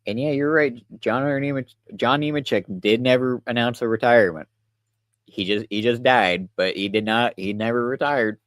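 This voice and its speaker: A young man chatting casually to his livestream viewers while he works, relaxed and rambling. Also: medium pitch, moderate pace, no echo, clean studio sound. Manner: relaxed, rambling, talks to chat while working.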